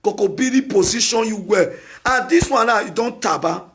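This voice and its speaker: A Nigerian-accented man hosts a talk show with an opinionated solo monologue. His voice sits high for a man, and he hammers his points through repetition, at times breaking into shouts. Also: normal speed, a little hiss or hum. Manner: emphatic and repetitive, with bursts of shouting.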